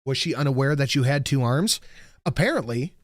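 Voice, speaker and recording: A male streamer talks casually and rambles through a story, swearing freely and breaking off to answer chat. His voice sits at an ordinary middle pitch. The sound is close and dry, with no room around it. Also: animated, a little fast, dry recording. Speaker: livestreamer.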